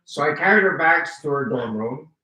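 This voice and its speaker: Lively joking storyteller man. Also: on the high side, normal speed, reverberant, recorded from a distance, poor audio. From United States. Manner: animated, joking, asks the audience questions. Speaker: guest speaker. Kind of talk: humorous storytelling talk.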